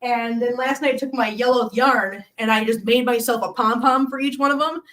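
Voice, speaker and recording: A woman hosting a casual live stream, chatty and quick to laugh, often talking to her cats. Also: a little high, fairly even intonation, a bit bright, far from the mic.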